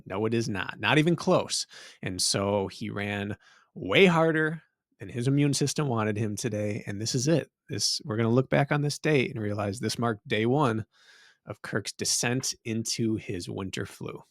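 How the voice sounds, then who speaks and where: A man's voice: fairly low pitch, normal speed, dry recording, clean studio sound. Teasing man who laughs a lot. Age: adult father. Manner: teasing, laughs often, explains with conviction. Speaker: podcast co-host. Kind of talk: casual podcast banter and topic intro.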